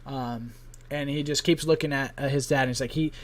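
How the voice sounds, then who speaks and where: A man's voice: mid-range voice, steady tone, a little fast. A man acting as game master, narrating a tabletop game casually with lots of fillers. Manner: casual, many fillers and likes.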